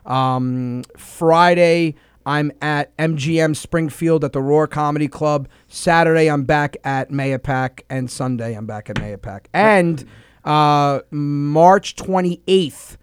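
A man's voice: a little high, steady tone, slow pace, smooth, no echo, studio quality. A man hosting a comedy radio show, rambling casually through his list of upcoming tour dates. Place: radio studio.

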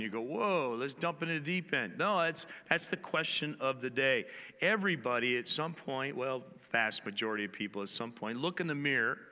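Male pastor, bright forceful voice, easygoing humorous storyteller, long church-hall reverb. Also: medium pitch. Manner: humorous storytelling, acts out dialogue. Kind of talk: conversational sermon.

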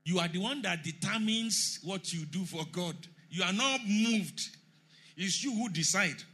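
A man preaching a sermon emphatically, rising to shouts and leading the congregation in call and response. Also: high voice, expressive, a little slow, slightly rough.

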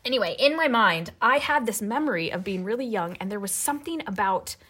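Lively, bright-voiced woman podcast co-host. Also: mid-range voice, fairly quick, breathy edge. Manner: animated storytelling, laughing often. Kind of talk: casual chat, reading listener stories aloud.

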